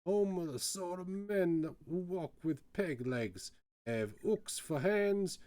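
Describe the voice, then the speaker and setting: A man's voice: sits high, slow pace, dark tone, no echo, pitched above the performer's own voice. A man voicing a bitter old male sailor locked in a cell, grumbling in a put-on with archaic speech. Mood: sly.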